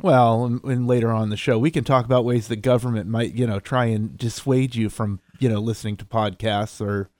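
Man, radio co-host, casual halting chat, dry studio sound. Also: medium pitch, steady tone, darkish tone, no room sound. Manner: easygoing, halting, laughs often. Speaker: radio talk show co-host. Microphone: studio microphone.

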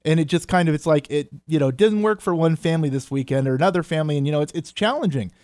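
Man radio co-host, earnest, slightly high voice, dry close mic. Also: rapid-fire, a little mellow, no echo. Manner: earnest, reads date facts, talks about community. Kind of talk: casual on-air chat.

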